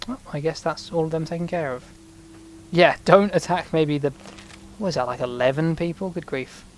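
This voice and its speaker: Man, game commentary, slightly high voice, sarcastic muttering, faint background noise. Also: moderate pace. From Britain. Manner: rambling, sarcastic, mutters to himself. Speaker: gameplay commentator.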